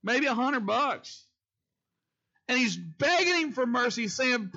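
A male pastor preaching with a high, bright voice, repeating his key phrases and calling questions out to the congregation. The recording sounds dull and lo-fi. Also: lively intonation, slow, long pauses. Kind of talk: sermon.

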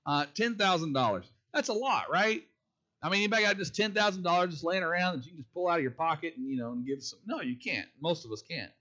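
A male pastor preaching with a high, bright voice, repeating his key phrases and calling questions out to the congregation. The recording sounds dull and lo-fi. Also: expressive, quick pace. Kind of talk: sermon.

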